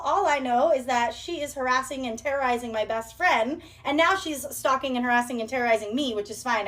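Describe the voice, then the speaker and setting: A woman vlogger talks straight to her viewers in a brash, profane, sassy rant. Her voice sits a little on the high side. She tells her story in a loose, casual way. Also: fairly bright tone.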